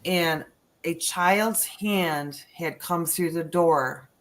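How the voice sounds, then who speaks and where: A woman's voice: on the low side, drawn-out words. A woman guest telling personal stories on a podcast, acting out voices and sounds as she goes. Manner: animated storyteller acting out quotes. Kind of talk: storytelling on a paranormal podcast.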